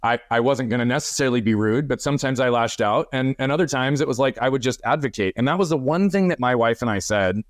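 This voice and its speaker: A man's voice: medium pitch, fast, few pauses, dry recording, studio quality. A middle-aged man hosting a podcast, speaking in a reflective, affirming and earnest way. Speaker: podcast host. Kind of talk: conversational interview.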